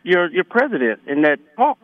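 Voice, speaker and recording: A male caller on a phone-in show, arguing his opinions in an animated way with many fillers. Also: high-pitched, moderate pace, no echo. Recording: tinny phone line.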